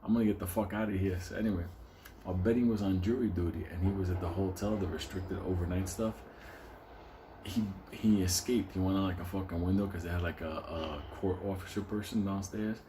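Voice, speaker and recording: A man's voice: sits low, fairly even intonation, brisk, noisy background. A man telling a casual neighborhood story with heavy profanity, rambling asides and frequent laughter. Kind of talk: casual anecdote.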